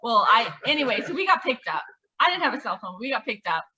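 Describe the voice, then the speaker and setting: A woman's voice: a little high, very animated, quick pace, bright, forceful tone, husky. A woman casually telling a heartfelt family memory, laughing as she goes. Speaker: family member sharing a memory. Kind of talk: casual storytelling. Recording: dull lo-fi audio.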